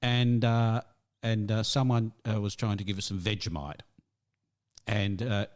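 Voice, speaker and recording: A man co-hosting a casual music podcast, chiming in with quick agreements and wry remarks. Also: on the low side, steady tone. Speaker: podcast co-host.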